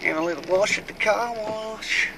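A man's voice: high-pitched, normal speed, vocal fry, noisy background. A man playing a brash, slangy tradesman who rambles and grumbles at other drivers from inside his moving van. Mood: chatty. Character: brash, mouthy Aussie tradie bloke, grumbling. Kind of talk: comic character monologue while driving.

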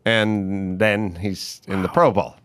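A man's voice: sits low, steady tone, slow, fairly bright tone. A man hosting a podcast, rambling in an opinionated and profane way in casual chat. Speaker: podcast host.

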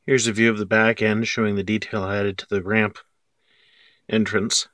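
A man's voice: fairly low pitch, level tone, normal speed, a bit bright, no echo, clean studio sound. A man casually talking through his scale model build, wry and self-deprecating about his mistakes.

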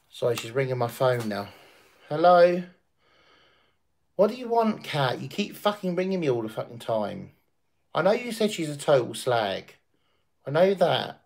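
Crude, swearing streamer. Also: male voice, mid-range voice, a bit bright. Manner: crude, swearing, boisterous and laughing. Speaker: livestream host. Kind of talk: casual livestream chat.

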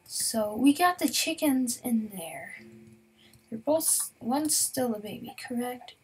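A woman's voice: a little high, expressive, slow, breathy edge. A young woman casually talking viewers through a Minecraft game, chatty and often dropping into a whisper. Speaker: gaming YouTuber. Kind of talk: casual Minecraft let's-play commentary.

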